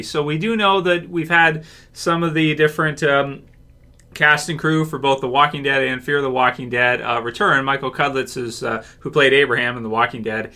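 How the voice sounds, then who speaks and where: A man's voice: medium pitch, steady tone, moderate pace, bright, forceful tone. A Canadian man giving casual fan commentary on a TV series, rambling with lots of fillers and small laughs. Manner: rambling, many "uh" and "you know", laughs often. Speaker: YouTube TV-show commentator.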